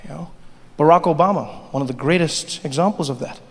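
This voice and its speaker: A man doing stand-up comedy, telling stories in an animated, playful way. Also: a little high, a little fast. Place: large live venue with audience. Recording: live hall with long reverb, faint ambience.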